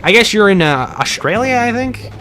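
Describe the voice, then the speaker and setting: A man's voice: sits high, sing-song, moderate pace, sharp tone. A man streaming a game, chatting casually and playfully with his viewers in a rambling way.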